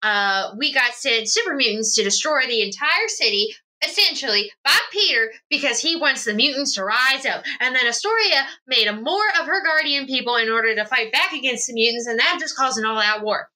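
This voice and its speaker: Giggly, rambling woman with a very bright voice. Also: fairly high pitch, expressive, fairly quick, hardly any pauses. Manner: rambling and giggly, with many fillers and asides. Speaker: player recapping the campaign. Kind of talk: casual tabletop game recap.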